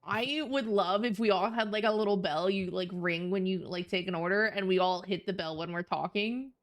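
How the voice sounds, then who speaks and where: A woman's voice: medium pitch, moderate pace. A woman streamer chatting casually while she draws, playful and a little scattered.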